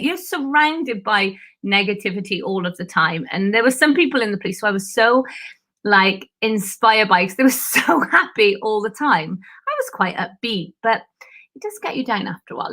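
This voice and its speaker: Chatty woman with a bright voice. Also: medium pitch. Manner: chatty, animated, laughs often. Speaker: goal-setting coach. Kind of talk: casual live-stream chat.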